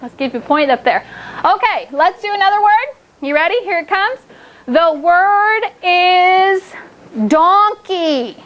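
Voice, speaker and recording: A woman teaching a phonics lesson to a small group of children, upbeat and encouraging, stretching out words slowly to model them. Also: extremely high pitch, lively intonation, fairly bright tone, lo-fi sound.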